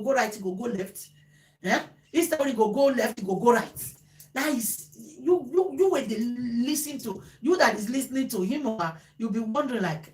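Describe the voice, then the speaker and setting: Animated woman, echoey room. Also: sits high, moderate pace. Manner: animated, repeats phrases for emphasis. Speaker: vlogger host. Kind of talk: casual talk to viewers.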